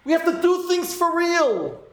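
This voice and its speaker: A man's voice: very high voice, very animated, a little slow, fairly bright tone, reverberant, poor audio. A man giving a Torah lesson, earnestly telling a story and weaving Hebrew terms into his talk. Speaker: Torah teacher.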